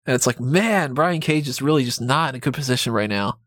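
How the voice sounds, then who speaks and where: A man's voice: medium pitch, animated, brisk, fairly bright tone, no echo, studio quality. A man co-hosting a casual wrestling podcast, telling stories in a wry way with plenty of laughter. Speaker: podcast co-host.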